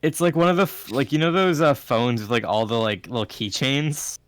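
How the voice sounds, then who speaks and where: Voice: mid-range voice, brisk, dry recording. A player at a tabletop game, chatting casually, joking and rambling with frequent laughter.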